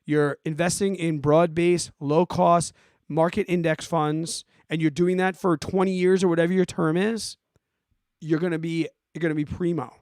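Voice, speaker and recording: Man in his forties, podcast host, high pitch, exasperated, emphatic, dry close mic. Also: moderate pace, clear, resonant tone, dry recording. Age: 40s. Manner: animated, exasperated, emphatic, swears. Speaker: podcast host answering listener questions. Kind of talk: casual ranting advice podcast.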